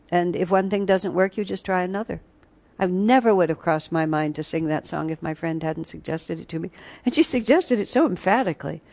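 Teaching a retreat class on spiritual topics, a woman tells stories, laughs and drifts into bits of song, her voice on the low side and a little mellow.

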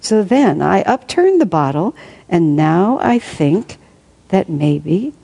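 A woman's voice: on the low side, big pitch swings, slow, vocal fry, dark tone, husky, exaggerated voice. A woman voicing a pompous, muddled male philosopher who speaks grandly and then hastily. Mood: flustered. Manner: grand, then flustered and hasty.

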